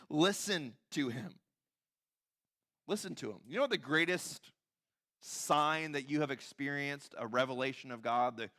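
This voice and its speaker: Bright-voiced conversational male preacher. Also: medium pitch. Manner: conversational preaching, acts out quoted voices, often drops to quiet emphasis. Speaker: pastor. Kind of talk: sermon. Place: church sanctuary.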